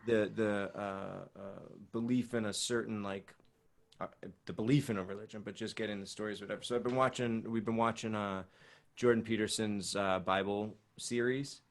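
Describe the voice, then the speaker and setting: A young man talking as a podcast guest in a relaxed, rambling way, swearing casually. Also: lowish voice, moderate pace, vocal fry. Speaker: guest, breath coach. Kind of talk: casual chat.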